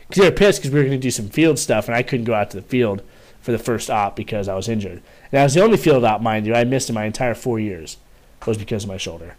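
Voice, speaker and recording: A young man telling a story casually to camera, rambling with restarts and frequent swearing. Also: medium pitch. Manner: rambling, profane, many restarts. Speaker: vlogger.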